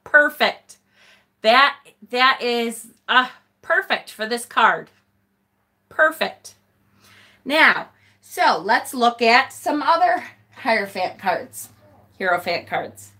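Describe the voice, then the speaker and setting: On a laid-back tarot live stream, the channel's host talks through her readings and responds to viewer comments. She's blunt, curses freely, and often laughs and sighs, stretching out her words and pausing a lot. Her voice is a little high, with a sharp, bright edge.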